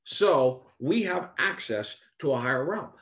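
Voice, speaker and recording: A man's voice: mid-range voice, lively intonation, unhurried, fairly bright tone. A man preaching in a conversational Bible-teaching style, emphatic, repeating key phrases and asking rhetorical questions.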